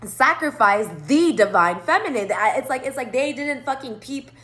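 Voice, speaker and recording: Woman vlogger with a slightly high voice telling a rambling, profanity-heavy story to camera, acting out both sides of the conversation. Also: moderate pace. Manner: rambling, profane, animated retelling. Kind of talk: casual storytime monologue.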